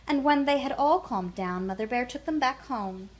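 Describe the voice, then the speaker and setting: Lively, expressive woman reading a children's book. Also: high voice, moderate pace, a little hiss or hum. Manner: expressive, sing-song storytelling. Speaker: storyteller.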